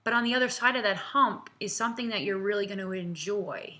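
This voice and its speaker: A woman's voice: mid-range voice, a little fast, pushed and bright. Earnest, chatty woman vlogging from home. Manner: chatty and earnest, many fillers, laughs, close to tears. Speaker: vlog host answering viewer questions. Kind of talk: casual, heartfelt direct-to-camera talk.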